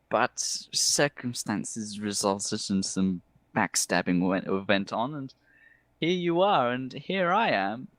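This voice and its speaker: A man's voice: mid-range voice, fairly bright tone, dry recording, pitched above the performer's own voice. Man putting on a flamboyant drow elf villain. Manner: gushing, sing-song, drawn-out sweetness.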